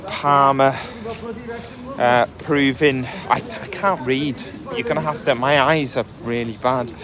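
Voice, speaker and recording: A man's voice: medium pitch, steady tone, slow pace, a crowd in the background. A man co-hosting a podcast, chatting casually about football with lots of ums, recorded outdoors on the move. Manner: chatty, hesitant with frequent ums. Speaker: podcast co-host.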